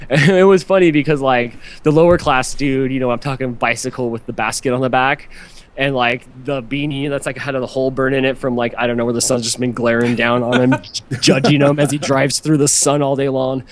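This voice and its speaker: A man's voice: mid-range voice, fairly even intonation, a little fast. A man on a podcast telling a long story in a rambling, profane way, full of "like" fillers. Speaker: podcast host. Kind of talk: casual storytelling chat.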